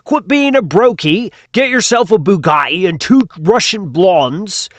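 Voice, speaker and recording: A man's voice: high voice, expressive, a little slow, no room sound. A man impersonating a brash, smug male influencer who taunts listeners about being poor.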